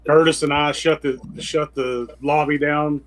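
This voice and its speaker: A man's voice: a little high, flat delivery, a little slow, a little hiss or hum, poor audio. A man co-hosting a podcast, chatting casually with friends, joking and trailing off into restarts. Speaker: podcast co-host. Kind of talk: casual chat.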